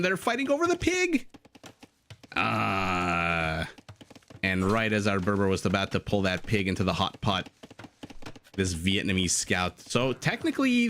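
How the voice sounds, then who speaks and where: Here a game caster from Canada, his voice low and a bit bright, provides live esports commentary on a strategy game. A little hiss or hum runs through the clip as he banters with viewers and breaks off to answer chat between plays.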